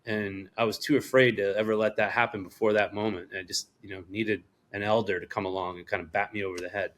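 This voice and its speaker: A man's voice: on the low side, fast. A middle-aged man from Rhode Island, a surf shop owner, telling a story as a podcast guest in a casual, rambling way, acting out the people he quotes and swearing freely. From Rhode Island, United States. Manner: rambling, animated quoting, frequent swearing.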